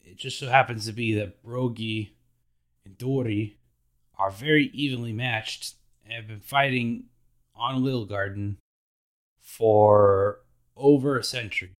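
A man's voice: medium pitch, steady tone, measured pace. A man hosting a podcast, recapping anime episodes in a laid-back, slangy way.

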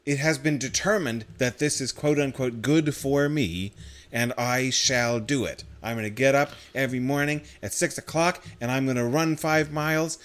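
A man's voice: mid-range voice, moderate pace, fairly bright tone. A man co-hosting a casual discussion podcast, explaining ideas at length in a thoughtful way. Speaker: podcast co-host.

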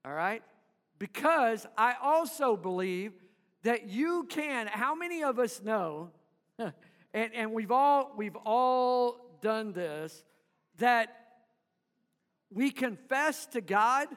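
A man's voice: very high-pitched, expressive, slow pace, a bit bright, in a large hall. A man preaching a sermon to his congregation in church, calling for responses and having them repeat after him. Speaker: pastor.

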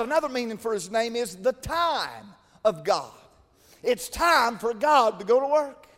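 High-voiced preacher in a reverberant church. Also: male voice, sing-song, unhurried. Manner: preaching with chanted, shouted rises and quiet asides. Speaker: pastor. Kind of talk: sermon. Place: large church. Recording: long reverb of a church hall.

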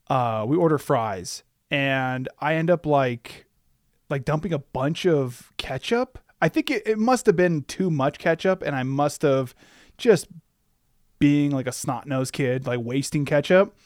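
Man with a fairly high voice, dry sound. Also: clear, resonant tone, no room sound. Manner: relaxed, rambling, with fillers. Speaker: podcast host. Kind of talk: casual storytelling chat.

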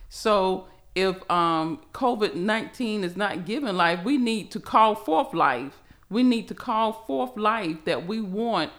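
A middle-aged woman, a pastor who speaks earnestly and deliberately while teaching scripture on a podcast. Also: medium pitch, lively intonation, fairly bright tone.

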